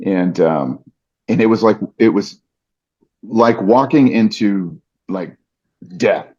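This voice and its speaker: Male podcast guest, earnest storyteller, lowish mellow voice, slightly dull lo-fi recording. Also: takes it slowly. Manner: earnest, vivid retelling with fillers. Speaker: podcast guest, ring announcer. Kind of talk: personal storytelling.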